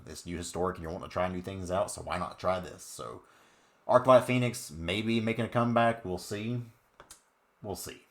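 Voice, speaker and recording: A man's voice: low-pitched, a bit bright. A man giving upbeat, chatty commentary on card game decks, with many fillers. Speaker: card game content creator. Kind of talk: casual deck commentary.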